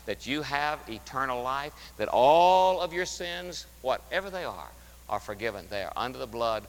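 A man preaching a sermon as pastor, emphatic, rising loud and dropping to a hush. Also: a little high, in a large hall, low-quality recording. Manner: emphatic, swings from loud to hushed. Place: church sanctuary.

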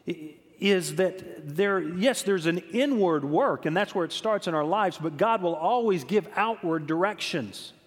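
A man's voice: sits high, big-room sound. A man preaching a sermon, telling revival stories emphatically and often repeating words as he builds his point.

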